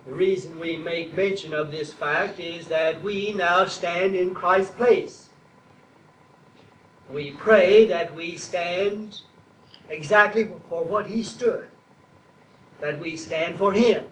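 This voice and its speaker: A man preaching a sermon slowly and deliberately, building to emphatic, repeated declarations. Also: high-pitched, echoey room, far from the mic, slight background noise, poor audio. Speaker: traditionalist Catholic preacher.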